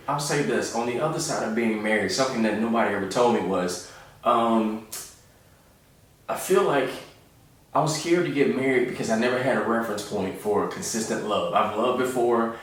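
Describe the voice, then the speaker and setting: A man in his thirties, a comedian telling stories in a relaxed, joking way and acting out the voices of the people in them. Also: mid-range voice, moderate pace, very echoey, far from the mic. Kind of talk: casual storytelling monologue.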